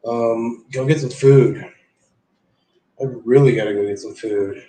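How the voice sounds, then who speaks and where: A man's voice: mid-range voice, steady tone, unhurried, mellow. A man streaming live, chatting casually and telling stories in a rambling, profane way. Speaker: livestreamer. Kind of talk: casual livestream chat. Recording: echoey room.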